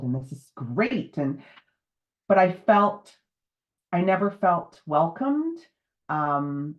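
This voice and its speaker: Woman in her fifties, low voice, heartfelt and candid, dull lo-fi video call audio. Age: 50s. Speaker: menopause educator.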